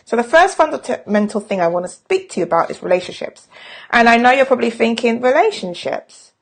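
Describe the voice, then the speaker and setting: A woman's voice: a little high, animated, quick pace. A middle-aged woman talking casually on a live stream as a sales coach, frank and chatty, with self-mocking jokes.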